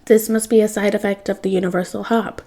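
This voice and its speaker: Mellow woman reading fan fiction aloud. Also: medium pitch, level tone, quick pace. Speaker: podfic reader.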